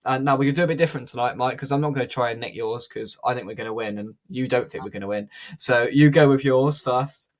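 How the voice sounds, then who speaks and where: A man hosts a casual football fan talk show. He jokes around and laughs a lot. He speaks at a middling pitch. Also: fast. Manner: jokey, laughs often. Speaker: podcast host.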